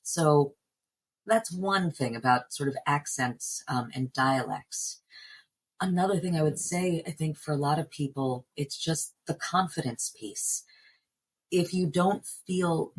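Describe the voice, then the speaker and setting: An American voice coach and actor from New Jersey answers interview questions earnestly and reflectively. Her voice sits low and sounds husky, she speaks slowly, and the audio quality is poor.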